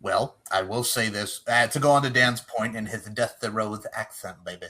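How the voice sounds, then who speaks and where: A man's voice: on the low side, moderate pace, pushed and bright. A man hosting a casual wrestling podcast, loose and profane, quizzing his co-hosts. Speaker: podcast host.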